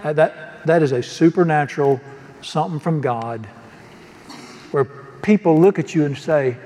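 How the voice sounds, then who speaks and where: Folksy preacher, fairly high voice. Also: male voice, normal speed, dark tone, in a large hall. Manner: folksy, joking preacher who asks the congregation questions. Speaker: pastor. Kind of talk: sermon. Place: church sanctuary.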